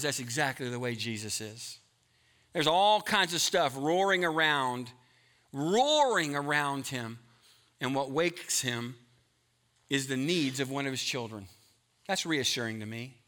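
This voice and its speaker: A middle-aged man preaching a sermon, emphatic, moving between loud stretches and hushed ones. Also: on the high side, lively intonation, unhurried. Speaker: pastor.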